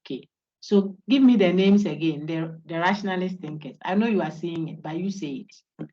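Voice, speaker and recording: A woman's voice: on the low side, moderate pace, mellow. A woman giving an online university philosophy lecture, coaching students to repeat names after her. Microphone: video call. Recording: dull lo-fi online call audio.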